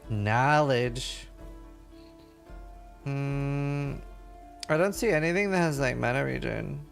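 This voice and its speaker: A man's voice: mid-range voice, slow, vocal fry, faint music behind. A man streaming a game, chatting casually and thinking aloud as he plays. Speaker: gaming streamer. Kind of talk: casual gameplay commentary.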